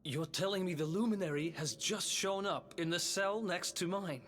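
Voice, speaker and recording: A man's voice: sits high, moderate pace, fairly bright tone. A man voicing a sardonic young male prisoner in a video game. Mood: wry.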